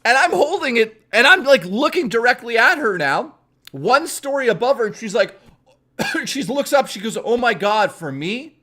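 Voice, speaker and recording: High-pitched guy telling a story on stream, super animated, swears a lot. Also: moderate pace.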